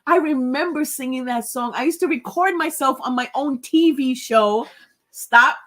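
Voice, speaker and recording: A woman's voice: high-pitched, normal speed. A woman hosting a live book club chat, giddy and tearful with joy, laughing and reading viewer comments aloud. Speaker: livestream book club host.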